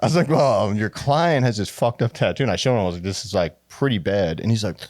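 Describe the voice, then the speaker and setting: An American tattoo shop owner with a lowish voice tells stories fast and animatedly, acting out quotes in casual podcast chat. The recording is clean studio sound with no echo, made in a podcast studio.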